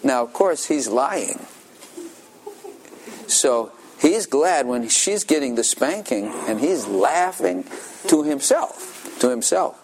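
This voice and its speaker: A man's voice: medium pitch, animated, unhurried, gravelly, darkish tone, a little hiss or hum. An older man preaching a sermon in a folksy storytelling manner, chuckling often.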